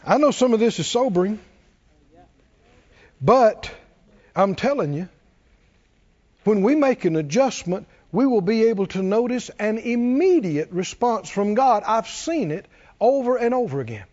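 Pastor type, man, high voice that swoops a lot, preaching to a crowd, muffled lo-fi recording. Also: unhurried, long pauses. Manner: animated preaching, jokes with congregation, does cartoon voices. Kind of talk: sermon.

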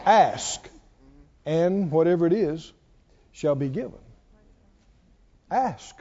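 A man's voice: fairly high pitch, animated, takes it slowly, dark tone. A man preaching a sermon who keeps putting questions to his congregation, in a dull lo-fi church recording. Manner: call-and-response preaching, asks the congregation questions.

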